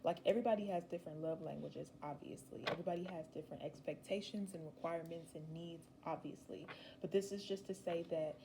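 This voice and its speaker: A woman's voice: low-pitched, fairly even intonation, fast talker, hardly any pauses, background noise. A young woman giving a casual, rambling tarot reading, chatty and slangy with emphatic asides. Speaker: tarot reader.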